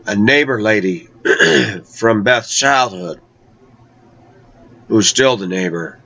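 A man with a lowish voice recounting a personal travel story in a chatty way. He stretches out words for emphasis. The recording sounds dull and lo-fi. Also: lively intonation, sharp tone, breathy edge. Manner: conversational, with slow, drawn-out emphasis.

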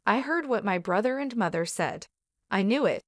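A woman's voice: medium pitch, expressive, moderate pace, no room sound, lightly acted. A woman reading the lines of a polite, apologetic young man in her own voice.

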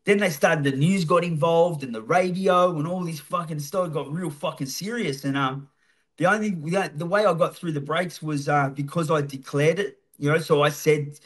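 Australian man, podcast guest, loose swearing storyteller, slightly raised pitch. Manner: swears freely, laid-back. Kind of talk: casual storytelling.

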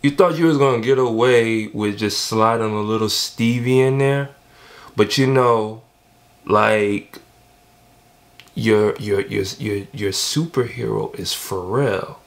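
A man giving excited, emphatic casual commentary while reacting to a song. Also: lowish voice, takes it slowly, vocal fry. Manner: excited, emphatic, repeats himself. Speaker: music reaction vlogger.

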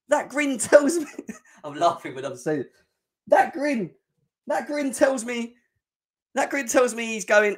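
A young man hosting a live fan reaction show, excitable and slangy, often shouting and joking. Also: very high voice, a little slow, long pauses. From England. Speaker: fan channel host.

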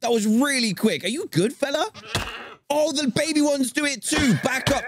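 A man giving excitable Minecraft gameplay commentary, laughing often and talking to the game's animals. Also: very high-pitched, normal speed, noisy background. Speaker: gaming YouTuber.

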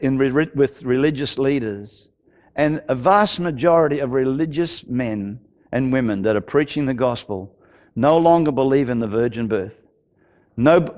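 An older male pastor preaches in a raised, slightly high voice, telling a story from his own life. He drives points home by repeating words and trips over himself in his eagerness. His delivery swings between rising intensity and quiet, earnest appeals. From Australia. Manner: impassioned, repeats words for emphasis, stammers. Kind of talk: sermon. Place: church.

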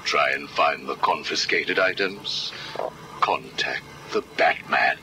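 An actor playing a cold, calculating villain psychiatrist who questions his prisoner in a slow, measured, coolly menacing way. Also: very deep voice, background noise. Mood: menacing calm. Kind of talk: video game cutscene acting. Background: background music.

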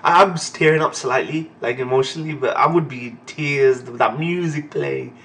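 A young man with a gravelly, fry-edged voice, reacting emotionally as he reads manga live. He swears freely and keeps tagging "man" onto his phrases. A faint hiss of background noise sits under him. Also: medium pitch, moderate pace, fairly bright tone. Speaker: anime and manga reaction host. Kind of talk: live reading reaction commentary.

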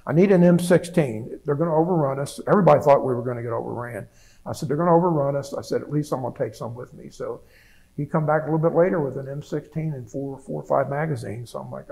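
Gravelly older man recounting war memories. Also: mid-range voice, a little mellow, rough recording. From United States. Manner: rambling, plainspoken storytelling with many restarts. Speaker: veteran interviewee. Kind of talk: oral history recollection.

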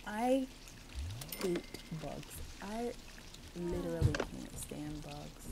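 Slow-talking, exasperated woman gaming. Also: on the low side, lively intonation, creaky, noisy background. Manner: exasperated, blunt, swears freely. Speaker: gaming video creator. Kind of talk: casual gameplay commentary.

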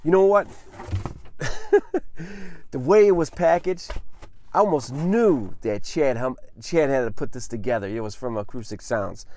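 A man's voice: medium pitch, expressive, unhurried, long pauses, a little mellow. A man hosting a casual unboxing vlog, effusive and enthusiastic, who keeps saying "man" as he shows off a new record. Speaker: vinyl unboxing vlogger.

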